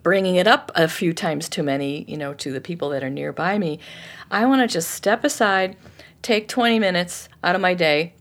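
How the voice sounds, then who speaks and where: A woman author being interviewed, teaching forgiveness in a lively, conversational way with frequent restarts. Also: fairly low pitch, moderate pace.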